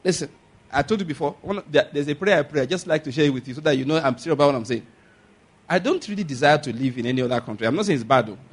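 A man preaches a lively sermon. His voice sits fairly high and has a husky edge. He keeps checking in with the congregation, asking for amens and whether they get his point. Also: rapid-fire. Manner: animated preaching with call-and-response questions. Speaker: pastor.

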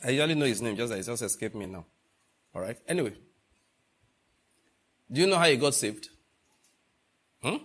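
A man's voice: medium pitch, lively intonation, brisk, pauses often, fairly bright tone, slightly rough. A man preaching a sermon, asking the congregation rhetorical questions and repeating phrases for emphasis.

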